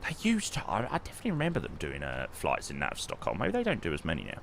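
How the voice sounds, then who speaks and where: A young man streaming a flight simulator, chatting with viewers in an excitable, talkative way. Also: deep voice, racing, gravelly, over music. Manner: excitable, chatty, reacts loudly and greets viewers. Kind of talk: live-stream chat while playing a flight simulator.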